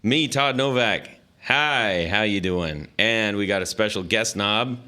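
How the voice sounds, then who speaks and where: A man's voice: lowish voice, unhurried, sharp tone, clean tone. A middle-aged man from Southern California hosting a podcast in casual chat, rambling and self-interrupting, laughing often. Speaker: podcast host.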